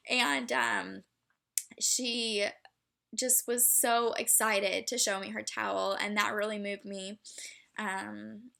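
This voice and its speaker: A young woman with a bright, slightly high voice tells a personal story. She talks in an emotional, halting way, with many fillers and restarts. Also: creaky. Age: young adult. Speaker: student speaker.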